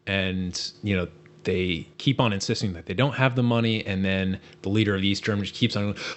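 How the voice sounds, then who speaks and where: A man's voice: on the low side, brisk. A man hosting a casual podcast, eagerly retelling a favorite movie scene and often repeating words as he goes. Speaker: podcast host.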